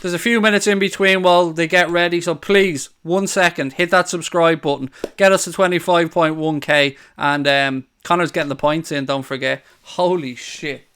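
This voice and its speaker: A man hosting a live football watchalong, excitable, swearing and shouting over the action. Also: on the high side, normal speed, hardly any pauses, smooth. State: out of breath. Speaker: watchalong host.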